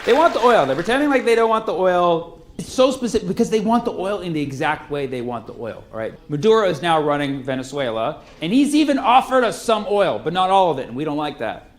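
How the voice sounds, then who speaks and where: A man's voice: sits high, big pitch swings, fast talker, hardly any pauses, a faint crowd. A man performing a stand-up comedy routine in a loose, conversational way with sarcastic asides.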